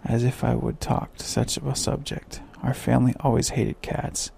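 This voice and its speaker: A man voicing a small, easily offended mouse with a shrill, passionate manner while reading a storybook aloud. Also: flat delivery, normal speed, mellow, full character voice. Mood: indignant. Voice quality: creaky, husky.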